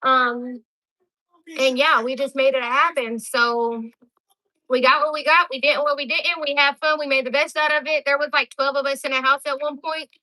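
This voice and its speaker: Young mom, blunt and chatty with her viewers; high voice, close and dry sound. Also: fairly even intonation, moderate pace, sharp tone, dry recording. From Louisville, Kentucky. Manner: blunt, talkative, speaks straight to viewers. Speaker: content creator and mother. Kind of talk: casual live chat with viewers.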